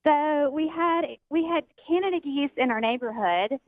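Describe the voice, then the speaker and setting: A woman's voice: high-pitched, normal speed, no room sound, faint music behind. A woman calling in to a radio show from a phone, telling a story in a chatty, amused way. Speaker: caller. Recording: tinny phone line.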